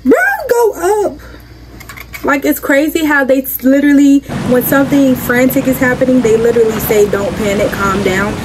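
Brief: young woman, high voice, reactive slangy game commentary, game noise behind. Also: moderate pace, darkish tone, low-quality recording. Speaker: gaming creator. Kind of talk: casual gameplay commentary.

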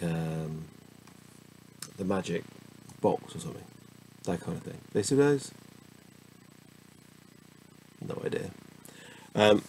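A middle-aged man reads the dictionary out loud at a slow, tired crawl, with musing asides. His voice sits low and gravelly. A faint hiss of noise runs underneath. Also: low-quality recording. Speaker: host reading the dictionary aloud. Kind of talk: casual dictionary reading.

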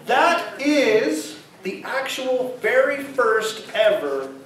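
A man's voice: very high voice, sing-song, drawn-out words, a bit bright. A man preaching a sermon as pastor, talking conversationally and asking the congregation questions. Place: church sanctuary. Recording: echoey church hall, mic at a distance.

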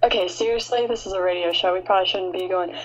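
A woman's voice: on the low side, fast talker, husky, lo-fi sound. A woman guest on an online radio show, blunt and teasing, swearing in casual banter.

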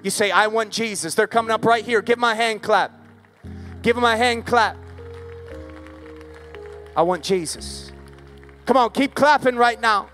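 High-voiced impassioned male preacher. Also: fairly even intonation, normal speed, bright, forceful tone, soft background music. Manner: impassioned, repetitive preaching cadence. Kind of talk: revival sermon with altar call. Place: outdoor service.

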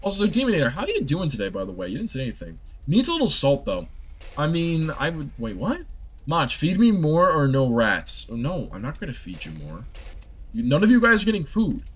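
A man's voice: a little high, huge pitch swings, fast, husky. Young guy streaming a horror game, rambling and exasperated, voice jumps all over. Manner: rambling, exasperated, talks to chat. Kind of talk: live gameplay commentary.

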